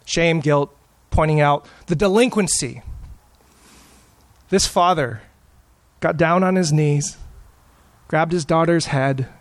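A middle-aged male pastor preaching a sermon, telling stories with emphatic, dramatic pauses. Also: fairly high pitch, no room sound.

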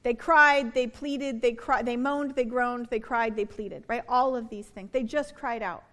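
A middle-aged woman pastor delivers a sermon in a high voice. She is earnest and slows down to stress her points, often falling soft and quiet on key words before lifting again. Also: fairly even intonation.

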